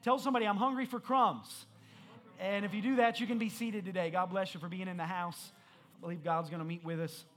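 A man in his thirties with a high, bright voice, preaching a sermon. He reads scripture slowly, then builds into loud, emphatic, animated bursts as he addresses the congregation. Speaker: pastor.

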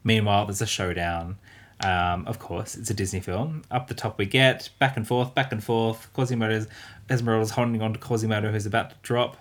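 A man's voice: on the low side, fairly even intonation, a little fast. A man casually recapping a film, rambling, swearing and acting out quotes. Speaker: podcast co-host.

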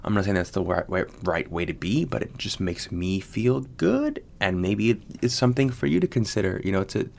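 Low-voiced American man rambling on a podcast. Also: big pitch swings, normal speed, creaky, few pauses, a little mellow. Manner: rambling, swears freely, lots of fillers. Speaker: podcast host. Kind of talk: casual podcast monologue. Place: Sydney.

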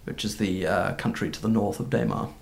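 A man narrating as game master of a tabletop game, halting and full of fillers. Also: lowish voice, gravelly, roomy sound. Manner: halting, with many fillers and restarts.

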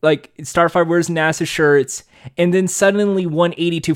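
A man's voice: a little high, fairly even intonation, moderate pace, smooth. A man co-hosting a casual podcast chat, ranting animatedly and swearing freely. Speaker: podcast co-host.

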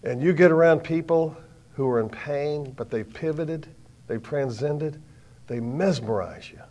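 An older man preaching a sermon, telling a story dramatically and swinging from hushed tones to loud ones. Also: on the high side, a little slow, highs cut off.

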